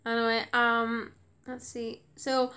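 A woman's voice: fairly high pitch, completely flat delivery, slow pace, pushed and bright, clear, resonant tone. A woman YouTuber chatting casually about her old videos, rambling with lots of "like" and giggles. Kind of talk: casual reaction commentary.

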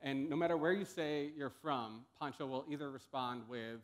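A man's voice: mid-range voice, normal speed. A young man giving a casual conference talk on stage, full of ums and uhs. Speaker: conference speaker.

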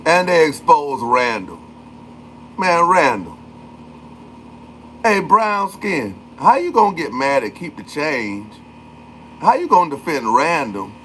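A man's voice: on the high side, very animated, measured pace, fairly bright tone, a little hiss or hum. A man hosting a livestream in casual chat, talking in loose slang and calling out viewers by name. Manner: loose slangy talk, greets and calls out chatters by name. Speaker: livestream host.

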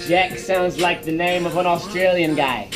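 A man's voice: sits high, normal speed, music in the background. A young man hosting a casual vlog, goofy and joking, swearing and laughing often. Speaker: vlog host.

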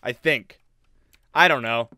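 A man's voice: mid-range voice, slow, bright, forceful tone, clear, resonant tone, no echo. A young man giving jokey, casual commentary while playing a horror game and reading its text aloud. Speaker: let's play host.

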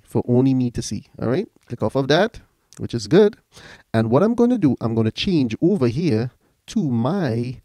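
Male tech reviewer, casual step-by-step tone, warm and dry. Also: mid-range voice, no echo. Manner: chatty, keeps saying "all right". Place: home music setup.

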